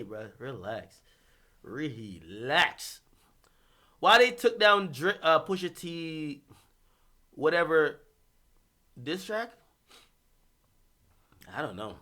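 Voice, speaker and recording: A man hosting a livestream, ranting about hip-hop in a casual, profane, animated way with bursts of laughter. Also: on the high side.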